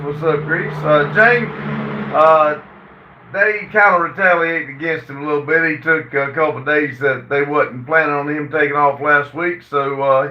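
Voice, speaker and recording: A man's voice: on the high side, noisy background. A man hosting a casual livestream, reading viewer comments aloud and answering them with many "uh" fillers. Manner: reads chat messages aloud and answers them; halting, frequent "uh" fillers. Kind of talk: casual chat. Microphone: phone. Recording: roomy, distant and dull phone audio.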